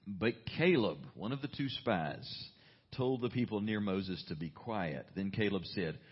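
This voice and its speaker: Husky low-voiced male preacher. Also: normal speed. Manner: animated storytelling, reading Scripture aloud. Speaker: pastor. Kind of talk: sermon. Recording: dull lo-fi recording.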